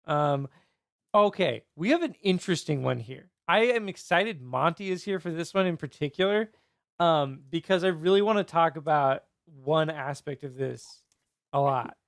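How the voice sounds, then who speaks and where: Higher-voiced gravelly man hosting a podcast. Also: animated, moderate pace, no room sound, studio quality. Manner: laid-back, joking, stumbles over names. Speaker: podcast host. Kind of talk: casual chat.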